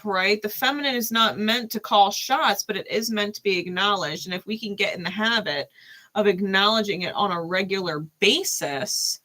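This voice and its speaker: Woman, tarot reader on a live stream, bright voice, casual and chatty, laughs easily. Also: medium pitch. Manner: casual, chatty, laughs often, frequent "right?". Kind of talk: live-stream reading and chat.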